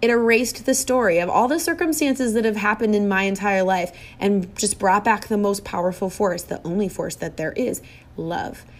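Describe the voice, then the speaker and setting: A woman's voice: medium pitch, moderate pace. Heartfelt, earnest middle-aged woman. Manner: heartfelt and earnest, with repeated emphatic phrases. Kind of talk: personal reflective monologue.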